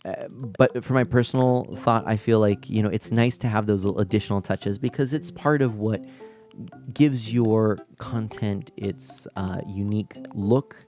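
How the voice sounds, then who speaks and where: A man's voice: on the low side, normal speed, dark tone, soft background music. A man in his thirties hosting a family-friendly live stream, chatting loosely with viewers and laughing often. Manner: rambling and chatty, giggly, many fillers and restarts. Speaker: livestream host. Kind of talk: casual live-stream chat, reading viewer comments.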